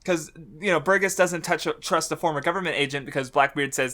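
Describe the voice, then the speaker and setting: A man's voice: a little high, a little fast, few pauses, bright, forceful tone. A man co-hosting a podcast in casual chat, rambling with fillers, laughing often and swearing freely. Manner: rambling with many fillers and restarts. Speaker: podcast co-host.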